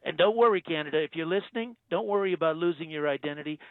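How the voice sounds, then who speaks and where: A man's voice: fairly high pitch, racing, close to an everyday voice. A man doing a bragging president impression on the phone. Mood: boastful. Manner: boastful, repeats superlatives, short punchy sentences. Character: impression of a boastful older male US president. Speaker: caller. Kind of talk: comedy radio sketch. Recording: tinny phone line, dry.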